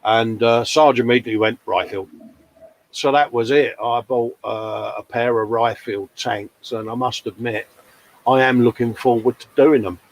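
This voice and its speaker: A man's voice: medium pitch, fairly even intonation, normal speed, slight background noise. Chatty man in his forties. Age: 40s. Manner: chatty and jokey, calls people mate. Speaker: host of a model-building live show. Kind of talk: casual chat. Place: hobby workbench.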